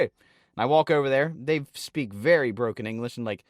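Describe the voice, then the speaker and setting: A man co-hosting a podcast, spinning loose stories peppered with swearing. His voice sits at an average pitch. The mic sound is dry and close. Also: quick pace, no echo. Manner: animated storyteller, swears often, acts out quotes. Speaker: podcast co-host. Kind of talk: casual chat.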